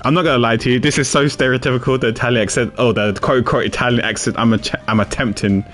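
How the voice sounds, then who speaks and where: A man's voice: mid-range voice, steady tone, quick pace, a bit bright, soft background music. A man streaming a game, chatting casually in a rambling, self-deprecating way and laughing often. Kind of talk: casual gaming chat.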